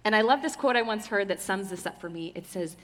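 A woman sharing a sermon portion in a calm, measured teaching tone. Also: mid-range voice, long reverb tail.

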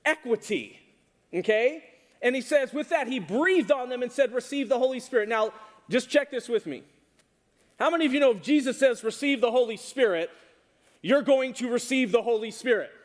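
A man preaching a sermon to a congregation, animated and often asking them questions. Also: very high-pitched, moderate pace. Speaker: pastor. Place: church hall with congregation. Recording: reverberant hall.

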